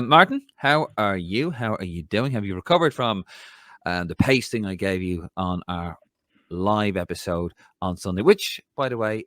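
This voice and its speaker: A man's voice: deep voice, a bit bright, no room sound, clean studio sound. A man hosting a casual football podcast, upbeat and chatty, plugging the show's channels. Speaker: podcast host.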